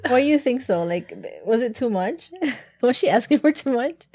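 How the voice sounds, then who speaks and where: A woman's voice: on the high side, expressive, normal speed, warm tone, no echo. A woman co-hosting a podcast, reading stories aloud and chatting casually, laughing often. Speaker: podcast co-host.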